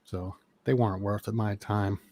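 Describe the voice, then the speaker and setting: A man's voice: fairly low pitch, fairly even intonation, moderate pace, warm tone. A middle-aged man casually telling a long, rambling story with plenty of swearing. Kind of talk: casual chat.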